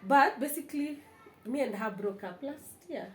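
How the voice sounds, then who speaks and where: A woman's voice: sits high, moderate pace, a crowd in the background. A young Kenyan woman hosting a casual chat, telling stories with frequent laughter. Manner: animated storyteller, laughs often. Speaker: vlog host. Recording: echoey room with faint ambience.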